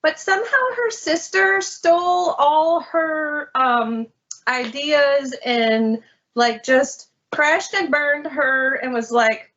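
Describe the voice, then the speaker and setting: A woman's voice: high-pitched, unhurried, a bit bright. A woman librarian talking about books she loves, in a chatty, enthusiastic way. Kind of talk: casual book talk. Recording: lo-fi muffled audio.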